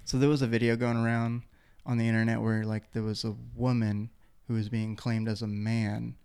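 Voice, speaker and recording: A young man hosting a casual chat, telling rambling, animated stories with lots of filler words. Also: lowish voice, moderate pace, clean tone.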